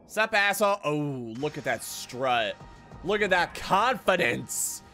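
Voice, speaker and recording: Faint music sits behind this medium-pitched male streamer, who talks a little fast while commenting live on his gameplay. He swears a lot, gets excited, and keeps dropping into silly voices.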